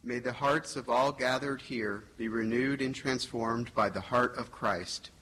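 A man reads the intercessions at Mass in a steady, formal voice. Faint room noise sits behind him in the church. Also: mid-range voice, measured pace, low-quality recording. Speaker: lector reading intercessions. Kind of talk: reading prayers of the faithful.

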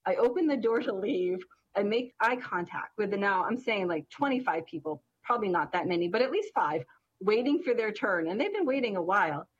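A woman's voice: medium pitch, a little fast, breathy edge, muffled recording. A middle-aged woman with a distinctive voice, telling a story in casual chat and laughing along. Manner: animated, laughs through her story. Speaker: co-host.

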